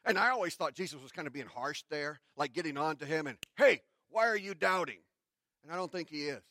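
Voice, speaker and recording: A man pastor who reads scripture and then preaches in a conversational sermon, with restarts and dramatic pauses. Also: fairly high pitch, sharp tone, no room sound.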